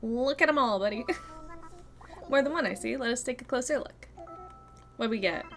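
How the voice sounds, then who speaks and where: A young woman streaming a game, chatting casually to her viewers, giggling and thinking out loud. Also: a little high, animated, moderate pace, vocal fry. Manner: chatty, giggly, talks to chat and herself. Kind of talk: casual gameplay chat.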